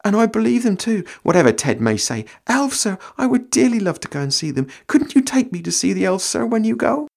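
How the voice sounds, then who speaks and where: A man's voice: high-pitched, very animated, a little fast, gravelly, few pauses, a little mellow, voice pushed up, heavily acted. A man reading aloud and voicing a timid, humble young male hobbit gardener who pleads in a flustered, deferential way. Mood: flustered pleading.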